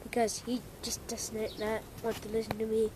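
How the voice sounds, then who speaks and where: A woman's voice: fairly high pitch, completely flat delivery, moderate pace, background noise. A young woman filming a casual home video, swearing and calling out to her dog while she talks to the camera. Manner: shouting, swearing, playfully exasperated at the dog. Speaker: vlogger.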